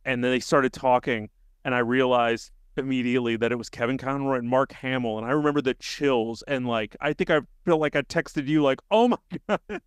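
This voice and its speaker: A man co-hosting a podcast, telling stories with excited enthusiasm in casual chat. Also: mid-range voice, a little fast, smooth, no room sound. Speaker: podcast co-host.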